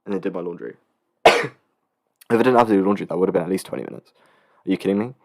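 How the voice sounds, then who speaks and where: A young man in his late teens from England, hosting a casual solo podcast in a rambling, swearing, animated storytelling way. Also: sits low, quick pace, vocal fry, background noise. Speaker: podcast host. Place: student accommodation room.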